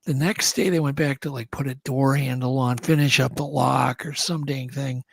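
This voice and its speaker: A man with a gravelly, husky voice who tells his story casually and with energy. He acts out the other people in it. The sound is close and dry. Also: mid-range voice, steady tone, moderate pace, no echo. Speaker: guest. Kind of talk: casual storytelling on a radio show.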